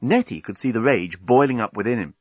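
A man's voice: medium pitch, lively intonation, brisk, a little mellow, no room sound, lo-fi sound. Wry man narrating a story. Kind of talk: audiobook narration.

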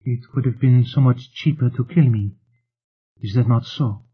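A man's voice: medium pitch, normal speed, slightly rough. A man reading a defiant young woman with a clipped, coldly challenging manner, in an audiobook. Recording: tinny phone-like sound.

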